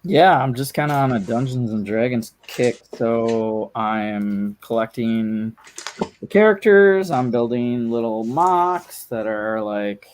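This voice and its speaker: A man's voice: medium pitch, animated, slow, slight background noise. A man co-hosting a casual chat on a video call, talking in a laid-back way with fillers. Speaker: co-host.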